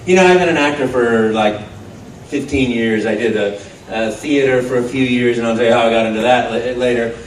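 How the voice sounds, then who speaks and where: A man, a voice actor on a fan panel, telling a lively anecdote and acting out the other people's voices. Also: mid-range voice, a little fast, distant mic, slight background noise. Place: large convention panel room. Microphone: phone held in the audience, far from the stage. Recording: echoey hall, phone from the audience.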